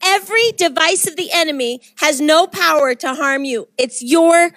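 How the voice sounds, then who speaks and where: High-voiced fervent woman preacher. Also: normal speed, a bit bright, no room sound. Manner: fervent, exhorting, storytelling. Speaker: minister. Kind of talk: preaching to young people.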